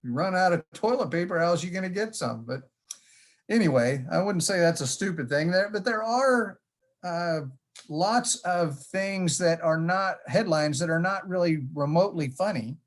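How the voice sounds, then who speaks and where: A man's voice: high-pitched, expressive, normal speed. A man giving a conference presentation in a folksy storytelling manner, with jokes along the way. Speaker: conference speaker. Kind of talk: presentation talk.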